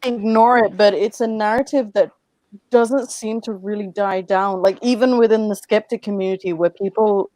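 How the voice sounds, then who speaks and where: A woman who teaches, hosting a casual panel discussion, blunt and quick to swear, laughing between points. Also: mid-range voice, steady tone, warm tone, no echo. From London. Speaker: round table host.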